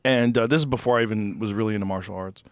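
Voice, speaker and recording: A man from Massachusetts co-hosting a podcast, telling self-deprecating stories in casual chat with an easygoing, halting manner, recorded on a studio mic. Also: lowish voice, no echo. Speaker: podcast co-host.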